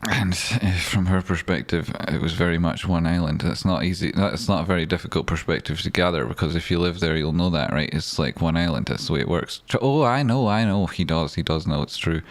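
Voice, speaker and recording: A man's voice: low voice, brisk, hardly any pauses. A man reading out live chat and joking with viewers on a stream, swearing often. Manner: chatty, swears often, jokey banter. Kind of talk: casual livestream chat.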